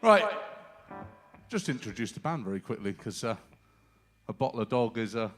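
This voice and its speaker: A man fronting a band, quickly introducing it with offhand stage banter. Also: medium pitch, sing-song, faint music behind. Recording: distant mic in reverberant hall over loud band.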